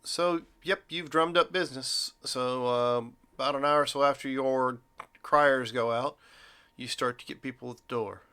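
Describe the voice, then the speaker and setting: Man, game master, tabletop game narration, very bright voice, casual joking delivery. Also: medium pitch, fairly even intonation, moderate pace, clear, resonant tone.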